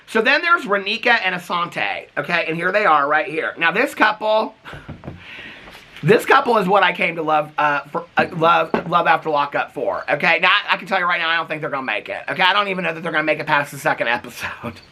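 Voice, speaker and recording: Man, TV reaction vlogger, sassy and expressive, bright tone. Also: a little high, brisk, slight background noise. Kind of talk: casual chat recapping a reality show.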